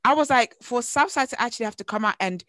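A woman's voice: on the high side, lively intonation, fast, fairly bright tone, dry recording. A woman, co-hosting a podcast in casual chat, animatedly retelling gossip and acting out quotes. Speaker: podcast co-host.

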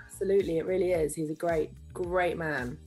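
A woman's voice: fairly low pitch, steady tone, fairly quick, a little mellow, faint music behind, low-quality recording. A young woman from North London with a London accent, chatting casually as a singer guest and laughing easily. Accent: London English. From North London, England. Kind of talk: casual chat.

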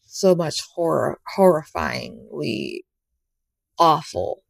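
A woman's voice: low voice, lively intonation, gravelly, no room sound. A woman hosting a podcast interview, affirming and encouraging toward her guest. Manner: warm and affirming, quick to encourage and laugh along. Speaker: podcast host. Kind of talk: casual interview.

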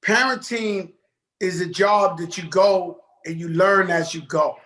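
New york guy on a video call, high bright voice, joking around with street slang. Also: unhurried. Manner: animated, laughing, streetwise slang. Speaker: guest. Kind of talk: casual video call interview.

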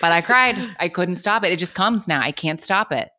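A woman's voice: fairly low pitch, animated, normal speed, bright, forceful tone. A woman in her forties, a podcast guest, chatting candidly and laughing often. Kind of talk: casual chat.

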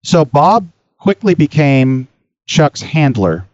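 A man's voice: fairly high pitch, sing-song, slow pace, darkish tone, no room sound. A man hosting a talk show, telling a long casual story with lots of restarts and swearing. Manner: rambling, repeats words, swears freely. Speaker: podcast host. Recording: slightly dull dry recording.

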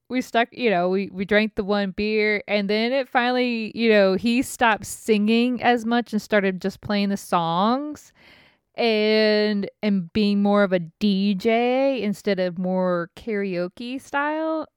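Woman, thirties, casual storyteller, swears a lot, smooth clear voice, dry close sound. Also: medium pitch, no echo. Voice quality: profane, laughing storyteller. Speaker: podcast host. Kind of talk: casual chat.

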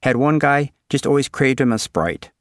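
A man's voice: mid-range voice, lively intonation, normal speed, no echo, clean studio sound, pitched above the performer's own voice, lightly acted. A man voicing a folksy, offhand middle-aged male doctor in a storybook reading. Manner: casual, folksy phrasing.

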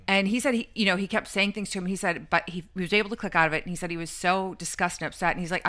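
A woman's voice: lowish voice, steady tone, fast, fairly bright tone. A woman co-hosting a talk show, retelling a story in a rambling way, with lots of fillers and quoted lines. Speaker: podcast co-host. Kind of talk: casual storytelling chat.

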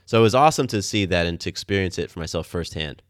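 A man hosting his own podcast, telling warm everyday stories in a casual, upbeat, enthusiastic way. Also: low-pitched, animated, fast talker, no room sound, studio quality. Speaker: podcast host. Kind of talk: casual storytelling monologue. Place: Atlanta, USA.

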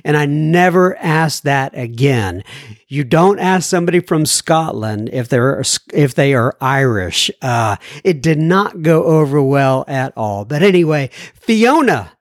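A man's voice: fairly high pitch, expressive, no room sound, clean studio sound. A man from Alabama hosting a recovery podcast, reading listener mail in a folksy, joking way. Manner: folksy, joking, drawn-out phrasing. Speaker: podcast host.

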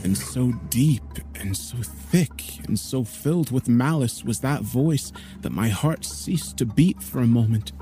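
A man narrating a horror story in a measured, grave storytelling manner. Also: mid-range voice, expressive, music in the background.

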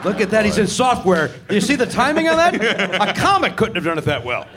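A man's voice: sits high, big pitch swings, brisk, loud music behind the voice. A man doing comedy on a theatre stage, teasing guests and the crowd in a brash, crowd-work way. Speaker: comedian host. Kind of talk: live comedy show banter. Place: theatre stage, live show.

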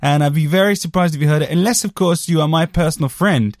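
A man's voice: on the high side, quick pace, dry recording, clean studio sound. A British man hosting a casual music monologue, rambling and self-deprecating with lots of fillers. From Britain. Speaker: podcast host reviewing albums.

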